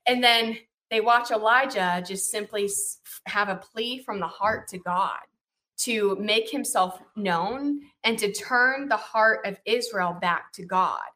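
Bright-voiced woman telling a Bible story. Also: medium pitch, slow pace. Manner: chatty, full of fillers like "you know" and "like"; checks in with the listener with "right?" and "okay?". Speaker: guest Bible teacher.

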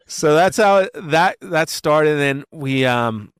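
A man being interviewed as a worship pastor, telling his story in a casual, animated way with plenty of fillers and quick asides. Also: on the high side, clear, resonant tone, no echo, studio quality.

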